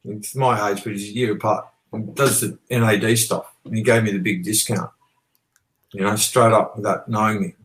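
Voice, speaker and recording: A man's voice: lowish voice, steady tone, moderate pace, fairly bright tone, low-quality recording. An Australian man telling a rambling story as an interview guest, swearing freely and talking with animation. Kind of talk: casual storytelling.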